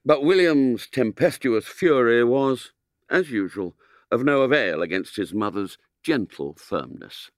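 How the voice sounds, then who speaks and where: A man reading a story aloud in an expressive, mock-solemn way. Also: mid-range voice, a little slow, no room sound, studio quality. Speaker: narrator.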